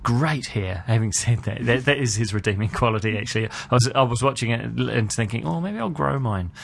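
A man's voice: medium pitch, steady tone, fairly quick, creaky, breathy edge. A man co-hosting a film podcast, chatting casually and giving opinionated reviews with frequent restarts.

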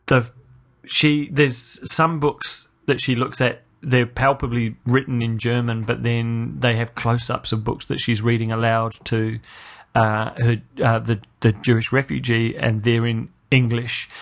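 A man's voice: steady tone, measured pace. A man hosting a podcast and giving a casual spoken review. He rants with sarcasm, restarts his sentences often, and his voice jumps up sharply when he is incredulous. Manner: exasperated ranting, pitch leaping up when incredulous. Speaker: podcast host.

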